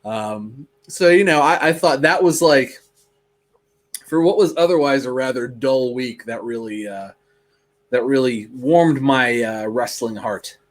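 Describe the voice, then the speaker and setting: A man's voice: mid-range voice, unhurried. A man co-hosting a casual wrestling podcast, talking in rambling bursts full of restarts and fillers. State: bit tongue. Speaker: podcast co-host. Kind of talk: casual chat.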